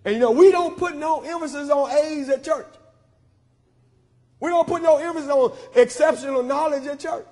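A man's voice: very high voice, moderate pace, a little mellow. A man preaching a sermon as pastor, repeating lines in call-and-response style. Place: church sanctuary. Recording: long church hall reverb.

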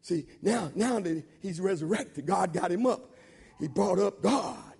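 A man preaching a sermon in an informal, repetitive style, swinging between loud shouted emphasis and low murmured asides. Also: lively intonation, measured pace, gravelly, slightly rough.

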